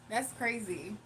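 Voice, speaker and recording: A woman's voice: fairly high pitch, a bit bright, slight background noise. A young woman hosting a casual livestream, laughing often and chatting in slang with her viewers. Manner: laughs often, slangy, reads chat aloud. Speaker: livestream host. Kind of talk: casual live-stream chat with viewers.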